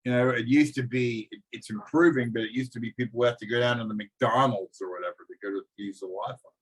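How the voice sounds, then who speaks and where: Halting middle-aged man lecturing a college class. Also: medium pitch, steady tone, husky, rough recording. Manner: halting, many fillers and restarts. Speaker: college instructor. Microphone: video call.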